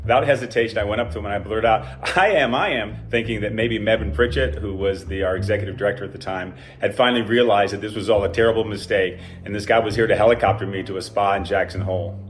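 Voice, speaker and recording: An older man with a lowish voice reads a personal story he wrote, dry and self-mocking in his humor. Soft guitar music plays faintly underneath. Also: fairly even intonation, fast, hardly any pauses. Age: 60s. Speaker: alumnus telling a personal story. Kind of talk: scripted personal story reading.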